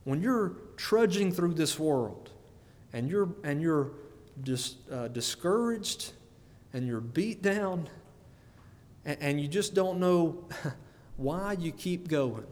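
Male preacher with a higher voice, earnest and questioning, long reverb tail. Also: animated, slow, a little mellow. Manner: earnest, repeats words, asks the listeners questions. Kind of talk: sermon.

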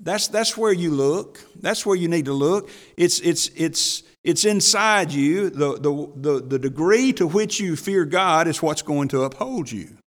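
A man preaches a sermon, his voice sitting a little high for a man and carrying a long church reverb. He is folksy and chuckling, drops into hushed asides, then rises to emphatic points. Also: animated, a little slow, hardly any pauses. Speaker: pastor. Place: church sanctuary.

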